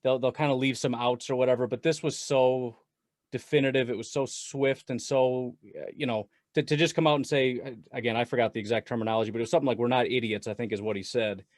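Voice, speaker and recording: A man talking sports as a guest on a casual podcast, animated and rambling with frequent laughs. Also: medium pitch, fast talker, no echo, clean studio sound. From Wisconsin. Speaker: guest Packers commentator.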